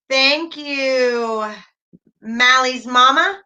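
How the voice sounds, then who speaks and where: Woman, middle-aged, livestream host, casual chat, reassuring, bright tone. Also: on the high side, unhurried. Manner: warm, reassuring, reads chat aloud.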